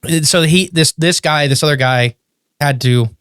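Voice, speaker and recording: A man in a casual podcast chat, telling a story with animated bursts of disbelief. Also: a little high, moderate pace, clean tone, dry recording, clean studio sound.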